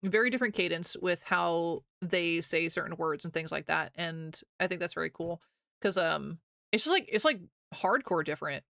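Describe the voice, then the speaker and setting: A woman's voice: on the low side, normal speed, creaky, a bit bright, no echo, studio quality. A young American woman streaming live, chatting casually with her viewers, rambling and laughing often as she reads chat aloud.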